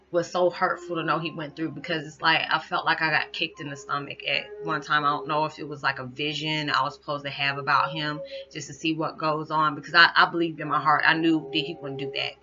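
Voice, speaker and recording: A woman vlogger giving an earnest, rambling, emotional monologue, speaking to her viewers. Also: deep voice. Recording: dull recording with music behind.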